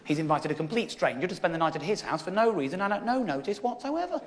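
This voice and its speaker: A man from England telling a story in stand-up, animated, incredulous and self-mocking. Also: high voice, fast, noisy background. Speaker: stand-up comedian. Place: stage before a live audience. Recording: live show with audience laughter.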